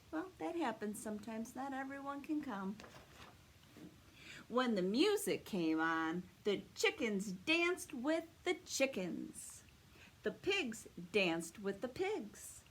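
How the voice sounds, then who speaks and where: A woman, a children's librarian, reading a picture book aloud at story time, animated and expressive and asking the children questions. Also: fairly high pitch.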